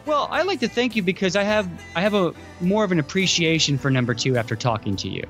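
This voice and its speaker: A man's voice: high-pitched, lively intonation, quick pace, a bit bright, faint music behind. A man co-hosting a casual podcast, enthusiastic and upbeat as he recommends films. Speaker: podcast co-host. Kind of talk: casual chat.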